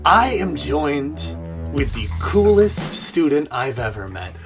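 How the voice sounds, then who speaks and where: A man's voice: on the high side, big pitch swings, slow. A man voicing a friendly, chummy male radio host with breezy patter, over faint music. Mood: upbeat.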